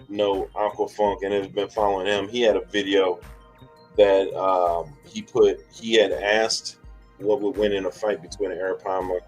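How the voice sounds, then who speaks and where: A man hosting a casual livestream chat, rambling and halting, with many fillers and restarts. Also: sits low, a little mellow, poor audio. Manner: chuckles often between lines. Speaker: livestream host.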